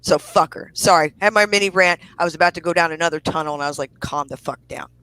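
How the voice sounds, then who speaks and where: A woman's voice: on the low side, racing, fairly bright tone, smooth, poor audio. A woman co-hosting a podcast, ranting angrily with lots of swearing. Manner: profane, heated ranting. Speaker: co-host. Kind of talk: angry podcast rant.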